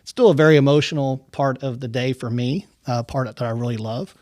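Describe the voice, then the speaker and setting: A man from Kentucky, a company executive, telling relaxed anecdotes in a podcast interview, with lots of "you know". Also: medium pitch, fairly quick, dry recording, studio quality. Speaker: racetrack company executive, guest. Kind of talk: casual storytelling in a podcast interview.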